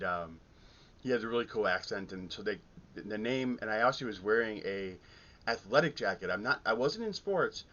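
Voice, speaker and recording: Middle-aged Midwestern man, low-pitched, rambling casual vlogger, muffled home recording. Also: fairly bright tone. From Milwaukee, Midwest US. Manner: rambling, many ums and restarts. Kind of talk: casual vinyl collecting vlog. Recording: dull lo-fi sound with faint rumble.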